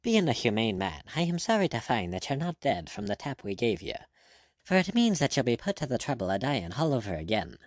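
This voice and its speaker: A man's voice: mid-range voice, sing-song, a little fast, dry recording, lightly acted. A man voicing a sardonic, witty male pirate captain with dry, ironic courtesy, in an audiobook reading. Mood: coolly reasoning.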